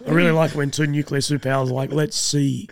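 A man's voice: a little high, little pitch movement, racing, vocal fry. A young Australian man chatting casually as a co-host, rambling and hesitant with a sardonic edge. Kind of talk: casual chat.

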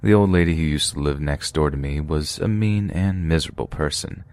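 A man narrating true scary stories for a podcast in a steady, measured way. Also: very deep voice, no echo.

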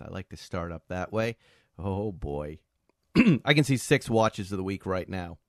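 A man's voice: medium pitch, dry recording. Chatty male podcast host, dry sound. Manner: chatty, animated, laughs often. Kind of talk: casual chat with sponsor read. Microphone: video call.

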